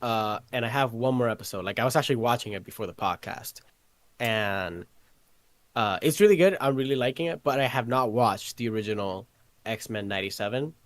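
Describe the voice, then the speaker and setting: A man's voice: mid-range voice, fairly quick, dry recording. A man co-hosting a casual podcast, playful and jokey as he chats with his co-host.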